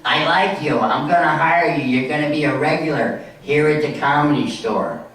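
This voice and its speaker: A man's voice: on the high side, moderate pace, a bit bright, voice pushed up, close to an everyday voice. A man impersonating a brusque middle-aged woman who owns a comedy club, on a live stage. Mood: bossy. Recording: echoey hall from far off.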